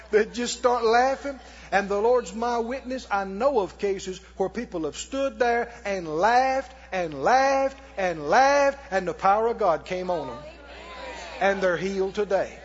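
Male preacher, very high pitch, lively sermon delivery, muffled lo-fi church recording. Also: slow pace, long reverb tail. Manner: animated preaching with mock laughs and shouts. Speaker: pastor.

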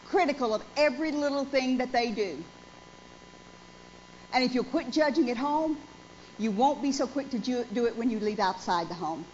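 A woman in her forties preaches a sermon in a church with a high voice, emphatic and full of questions thrown to the congregation. The recording is dull and lo-fi, with faint noise underneath. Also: lively intonation, normal speed, pauses often. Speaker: pastor.

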